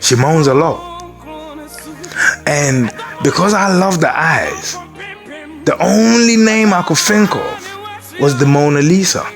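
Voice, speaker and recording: A man's voice: fairly high pitch, lively intonation, takes it slowly, pauses often. A man doing spoken-word storytelling, dramatic and musing, repeating his phrases. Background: music.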